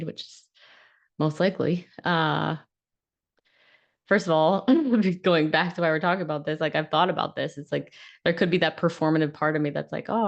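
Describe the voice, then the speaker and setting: A woman with a low, creaky voice hosts a podcast, recorded with lo-fi sound. She's a podcast host and coach giving a casual monologue, speaking frankly and rambling in a self-reflective way, often breaking into laughter.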